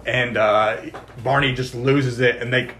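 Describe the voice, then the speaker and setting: On a podcast, a man with a medium-pitched, fairly bright voice recaps a TV episode beat by beat, speaking a little slowly in a steady tone. He narrates like a storyteller, slipping into the characters' quoted lines, with slight background noise.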